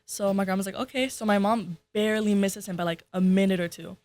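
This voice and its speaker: A woman's voice: medium pitch, fast, no room sound. Teen girl telling a ghost story. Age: teens. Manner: animated, acts out quoted relatives. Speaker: student podcast co-host. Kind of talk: casual storytelling chat.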